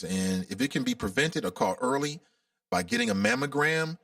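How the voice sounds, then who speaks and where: A man's voice: on the high side, huge pitch swings, moderate pace, creaky, fairly bright tone, no echo, studio quality, recorded from a distance. A man from Cincinnati hosting a casual call-in radio talk show, chatty and openly emotional. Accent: Cincinnati, Ohio.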